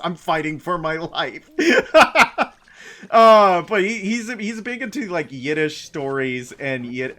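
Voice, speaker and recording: A man's voice: a little high, bright, forceful tone, slight background noise. A man casually chatting and giggling while streaming a game, rambling between thoughts. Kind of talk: casual let's-play chat.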